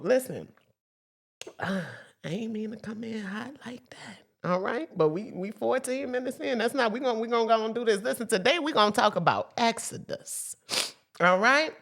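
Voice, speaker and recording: A woman's voice: mid-range voice, very animated, normal speed, vocal fry. A woman hosting a casual spiritual talk for her viewers, chatty and emphatic, with profanity and sudden whoops. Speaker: host.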